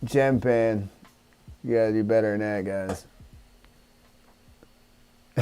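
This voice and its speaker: A man's voice: lowish voice, extremely slow, long pauses, warm tone, clean tone, faint music behind. A man vlogging about his drone hobby as he works, frustrated, swearing and muttering to himself. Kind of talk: casual talk while working.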